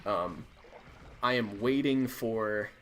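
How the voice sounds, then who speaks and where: A man's voice: fairly low pitch, takes it slowly, slight background noise. A man hosting a livestream, telling a rambling story full of fillers. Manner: rambling, filler-heavy, animated anecdote. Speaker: stream host.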